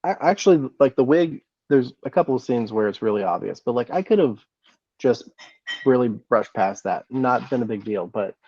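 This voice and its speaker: A man co-hosting a movie podcast in a relaxed, rambling way, often stopping to restart a thought. His audio is dry and a bit muffled, like a lo-fi call mic. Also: medium pitch, normal speed, slightly rough, no room sound. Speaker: podcast co-host. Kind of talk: casual chat.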